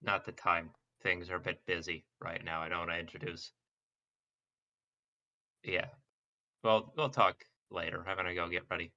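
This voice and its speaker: A man's voice: deep voice, level tone, moderate pace, pauses often, sharp tone, highs cut off, pitched below the performer's own voice. A man playing an evasive adventurer.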